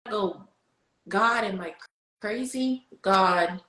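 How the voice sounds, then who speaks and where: Woman on a podcast, kinda low voice, gets really animated telling stories. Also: normal speed. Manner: animated, storytelling, swings high when excited. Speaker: podcast guest speaker. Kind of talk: casual faith chat. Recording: echoey room.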